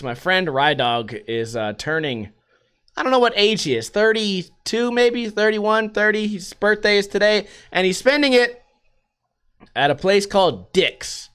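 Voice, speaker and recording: A man in his thirties rambles through a casual comedic monologue, crude and quick to laugh. His voice sits high and sounds bright and forceful. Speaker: podcast host.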